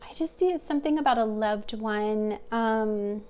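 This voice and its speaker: A woman's voice: fairly high pitch, normal speed, dark tone, clear, resonant tone. A woman giving a pick-a-card tarot reading to her viewers, talking in a hesitant, searching, heartfelt way. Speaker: tarot reader.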